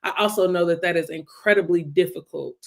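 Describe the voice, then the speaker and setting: A woman's voice: lowish voice, fairly quick, gravelly. Reflective woman co-hosting a talk show. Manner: thoughtful, self-questioning. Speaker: co-host.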